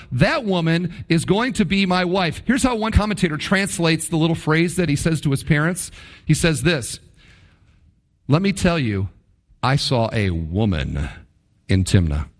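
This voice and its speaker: A man preaching a sermon as a pastor, emphatic and animated, with dramatic pauses and acted-out quotes. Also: on the high side.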